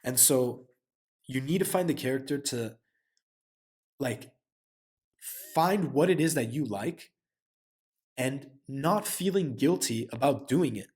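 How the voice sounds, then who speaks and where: A man's voice: mid-range voice, animated, slow pace, long pauses, darkish tone. A man in his twenties talking casually to camera in a reflective vlog, with heavy slang, frequent swearing and constant fillers of "like". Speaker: vlogger.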